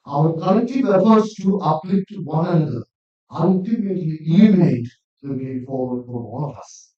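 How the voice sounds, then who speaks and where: A man's voice: a little high, expressive, normal speed. Earnest man lecturing in an echoey hall. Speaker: academic lecturer. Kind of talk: conference presentation. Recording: distant mic in echoey hall, dull sound.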